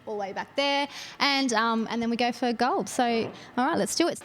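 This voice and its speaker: A woman's voice: on the high side, brisk, fairly bright tone, slight background noise. A woman hosting a casual interview, bubbly and upbeat. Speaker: host.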